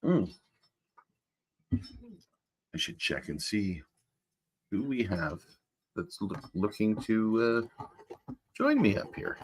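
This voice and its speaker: A man in character as jolly old Santa Claus, rambling warmly from the workshop in a low, husky voice. His pitch swings up and down as he chats, full of folksy asides. The talk is loose and casual, like a chat with children. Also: big pitch swings, slow pace, pauses often, full character voice. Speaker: Santa performer greeting children.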